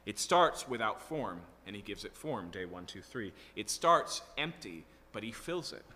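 Man, pastor, earnest emphatic sermon, bright forceful voice, long hall reverb. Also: fairly low pitch, very animated, measured pace, breathy edge. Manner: earnest, emphatic teaching with frequent "okay" and "right" checks. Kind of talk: expository sermon.

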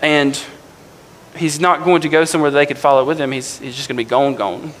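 Pastor guy preaching, slow careful reading then chatty, stumbly explaining, big echoey hall. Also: fairly high pitch, steady tone, fairly bright tone, slight background noise. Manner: slow, deliberate reading, then conversational and self-correcting. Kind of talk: sermon with scripture reading.

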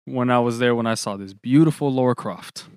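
A young man with a middle-pitched voice, joking and poking fun as he talks. The mic is close and the sound dry. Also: brisk, darkish tone, clean tone, no echo. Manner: playful, ribbing. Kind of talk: casual chat.

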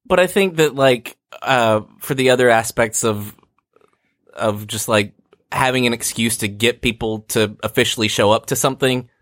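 A man co-hosting a podcast in casual chat, dry and measured, hesitating with fillers. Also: medium pitch, fairly bright tone, no echo. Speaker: podcast co-host.

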